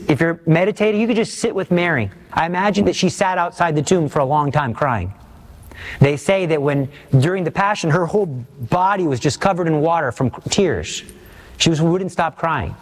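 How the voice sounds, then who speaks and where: An earnest man preaching a sermon, his voice sitting a little higher than most men's. He pleads with his listeners and presses them with pointed questions. He slows down deliberately to drive each point home. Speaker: Catholic preacher.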